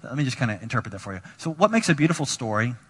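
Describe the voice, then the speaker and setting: A man preaching a sermon as pastor, animated, acting out quoted voices and dropping to near whispers. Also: medium pitch, rapid-fire, breathy edge, in a large hall.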